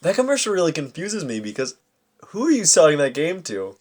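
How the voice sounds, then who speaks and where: A man's voice: a little high, wildly swooping pitch, fairly quick. A young man co-hosting a podcast, rambling and swearing freely in casual chat, laughing often. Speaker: podcast co-host.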